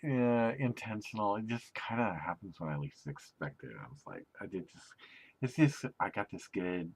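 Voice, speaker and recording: A man rambling in a personal video message, giggling often and going soft and quiet when embarrassed. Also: fairly low pitch, animated, normal speed, husky, low-quality recording. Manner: giggly, self-conscious, often laughing mid-sentence; drops to a soft near-whisper when embarrassed. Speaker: aspiring actor addressing a celebrity.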